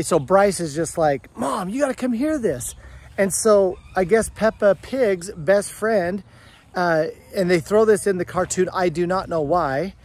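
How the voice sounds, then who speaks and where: Earnest rambling middle-aged man, a bit high. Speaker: homesteader vlogger. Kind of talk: casual talk to camera. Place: outdoors on a farm, goat pen and orchard.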